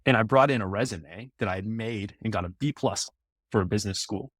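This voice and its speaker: A man with a lowish voice, talking loosely as a podcast guest. He winds through his stories with plenty of "like" and "you know." The sound is dry and close. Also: brisk, dry recording. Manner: rambling storyteller, lots of fillers. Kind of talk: casual podcast chat.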